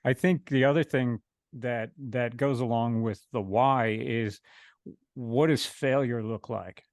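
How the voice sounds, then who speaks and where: A man's voice: mid-range voice, steady tone, slow pace, a little mellow, no room sound. Upbeat man in a dry room. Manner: upbeat and reflective. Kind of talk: casual podcast conversation.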